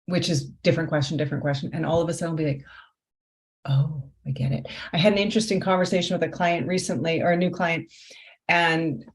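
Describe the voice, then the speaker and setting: A woman life coach talking through her work in an interview, reflective, often posing rhetorical questions. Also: on the low side. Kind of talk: conversational interview.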